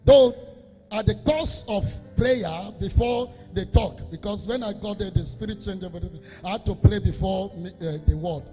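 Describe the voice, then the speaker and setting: Priest, very high mellow voice, emphatic sermon, long church reverb, faint music. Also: male voice, moderate pace. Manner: emphatic preaching, repeats phrases, swells into half-sung, shouted lines. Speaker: Catholic priest.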